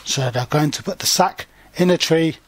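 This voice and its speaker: A man's voice: a little high, moderate pace, dry recording. A man reading a children's picture book aloud for language learners and explaining it in simple words. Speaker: storybook reader and language teacher.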